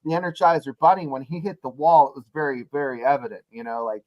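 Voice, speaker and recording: A man's voice: medium pitch, quick pace. Joking man on dull lo-fi audio. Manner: joking, storytelling. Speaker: podcast guest. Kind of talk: casual chat.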